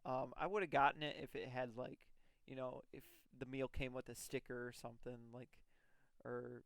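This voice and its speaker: A man's voice: mid-range voice, fairly even intonation, moderate pace, gravelly, a bit bright, dry recording. A young man co-hosting a podcast, telling stories in casual chat with lots of fillers. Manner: rambling, filler-heavy storytelling. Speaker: podcast co-host.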